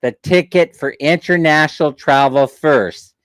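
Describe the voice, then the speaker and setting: Stiff, formal male bank clerk as a storyteller quotes him, slow, smooth voice. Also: on the high side, fairly bright tone, no room sound. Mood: dry.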